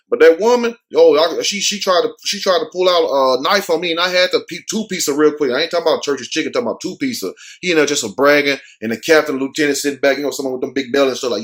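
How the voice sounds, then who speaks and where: A man with a slightly high voice runs his own commentary vlog. He talks loosely in slang and keeps jumping into little put-on voices to act out the people he quotes. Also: very fast, few pauses. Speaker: host.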